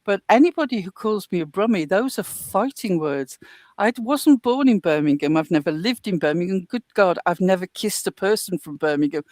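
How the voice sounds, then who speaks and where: A woman from the English Midlands with a slightly softened Midlands accent, chatting as a co-host in a dry, sarcastic, mock-indignant way. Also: mid-range voice, lively intonation, a little fast, no room sound. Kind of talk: casual podcast chat.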